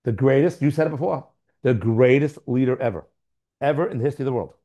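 A rapid-fire man lecturing a Torah class with a mid-range voice. He hammers points with rhetorical questions and repeated words. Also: mid-range voice, warm tone. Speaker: teacher.

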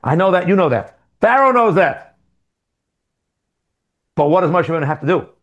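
A man giving a Torah class as a religious teacher, animated, with rhetorical questions and emphatic repetitions. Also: a little high, rapid-fire, lo-fi sound.

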